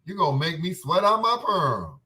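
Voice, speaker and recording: A man putting on a flamboyant, sassy, theatrical male character with a high, swooping, exaggerated delivery. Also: sing-song, moderate pace, pushed and bright, heavily acted. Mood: swooning.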